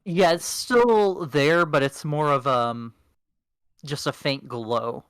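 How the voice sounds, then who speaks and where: A man acting as game master, narrating a tabletop game over voice chat in a relaxed, self-deprecating way. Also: fairly high pitch, slow pace, clear, resonant tone, no echo.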